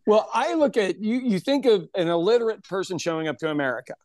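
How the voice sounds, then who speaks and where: A man's voice: high voice, lively intonation, quick pace, a little mellow, no room sound. A man co-hosting a podcast in casual chat, rambling and repeating words, laughing often. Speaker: podcast co-host.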